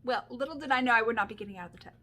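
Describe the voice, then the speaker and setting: A woman's voice: a little high, rapid-fire, bright, forceful tone. A woman in her thirties telling a story to her viewers in a casual, chatty vlog, full of fillers and asides. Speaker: beauty vlogger.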